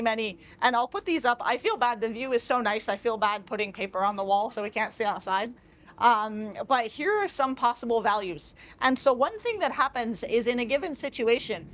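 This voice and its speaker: Young woman running a workshop, slightly high voice, casual and chatty, acts out little dialogues. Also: fairly bright tone. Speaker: workshop facilitator. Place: train car with a view.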